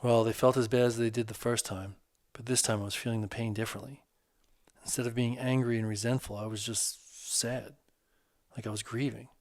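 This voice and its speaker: A man voicing a divorced man in middle age opening up earnestly about an old hurt, in casual, halting speech. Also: mid-range voice, flat delivery, darkish tone, no room sound, studio quality, lightly acted.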